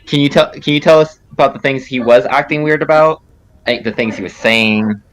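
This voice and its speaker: A man's voice: mid-range voice, brisk. A man playing a tabletop game, asking questions with frequent restarts. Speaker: player. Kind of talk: casual chat in a tabletop game.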